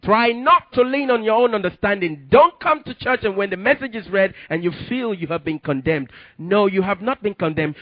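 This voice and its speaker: High-voiced emphatic male preacher. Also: animated, normal speed, few pauses, dry recording, muffled recording. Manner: emphatic testimony preaching with sudden loud climaxes. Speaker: pastor. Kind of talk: sermon.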